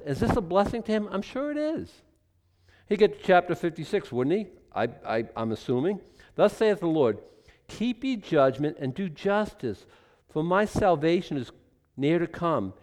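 Excitable male preacher in a reverberant hall. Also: fairly high pitch, normal speed. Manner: animated, excitable preaching with repeated restarts. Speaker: pastor. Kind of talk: sermon.

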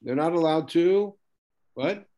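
A man teaching a Bible study class, asking pointed questions and stressing key words in an animated, emphatic way. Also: on the high side, slow pace, highs cut off. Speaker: Torah teacher.

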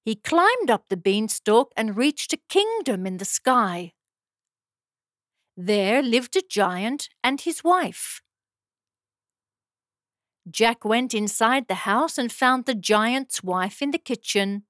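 A woman reads a children's fairy tale aloud, taking her time over each plain, simple sentence. Her voice sits fairly high and sounds close and dry, with no room around it. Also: sing-song, a bit bright, dry recording. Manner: slow, clear, simple phrasing for children. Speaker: storyteller. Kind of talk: children's storybook narration.

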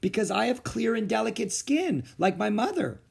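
A man's voice: high voice, very animated, moderate pace, gravelly, darkish tone, breathy edge, pitched above the performer's own voice, heavily acted. A man reading aloud, voicing an earnest, puzzled schoolboy who talks politely but insistently.

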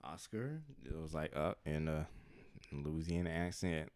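A man co-hosting a podcast in casual chat, animated, laughing often and jumping into high squeaky voices when retelling scenes. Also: a little slow, dry recording. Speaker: podcast co-host. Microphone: studio mic.

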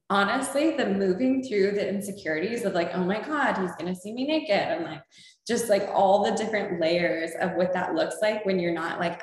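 Woman, host, bubbly storyteller, filler-heavy chat, very echoey room. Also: medium pitch. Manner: bubbly storyteller, lots of "like" fillers, laughing often. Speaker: podcast host. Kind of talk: casual chat.

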